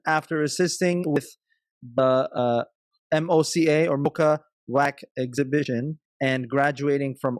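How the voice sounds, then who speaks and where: A man hosting a podcast, introducing his guest and asking questions in a halting way, with many pauses and fillers. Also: fairly high pitch, dry recording. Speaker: podcast host. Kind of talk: interview hosting.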